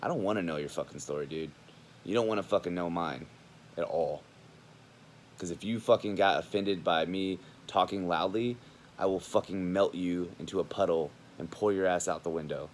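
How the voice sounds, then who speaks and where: A man's voice: low voice, moderate pace, a little hiss or hum. A man in his twenties, a college student, talking straight to camera in a heated, rambling, profane monologue. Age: 20s.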